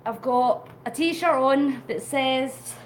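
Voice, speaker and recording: On her bike during a live stream, a middle-aged woman talks casually in a high voice, taking her time, with a little hiss or hum audible. She laughs frequently and answers the chat, reading viewer comments out loud.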